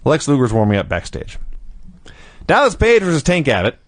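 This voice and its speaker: A man's voice: on the high side, huge pitch swings, moderate pace, dry recording. Guy cohosting a podcast, sarcastic and sweary, voice jumps all over the place. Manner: sarcastic, profane recapping. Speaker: podcast co-host. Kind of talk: casual chat.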